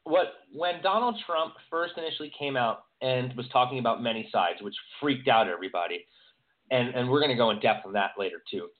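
A man's voice: medium pitch, lively intonation, a little fast. Rambling man on a tinny phone-like line. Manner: rambling, emphatic storytelling. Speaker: podcast host. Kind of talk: casual political chat.

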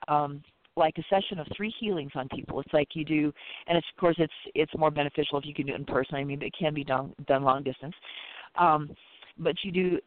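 Fast-talking man on a tinny phone line. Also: a little high, no echo. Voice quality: rambling, heavy with fillers like "you know" and "it's like". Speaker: Reiki practitioner. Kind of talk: casual chat.

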